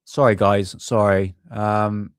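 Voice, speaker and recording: A man's voice: on the low side, level tone, takes it slowly, clear, resonant tone, no room sound, studio quality. A man hosting a UFO live stream, rambling casually and swearing while he hunts for videos. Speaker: UFO channel host.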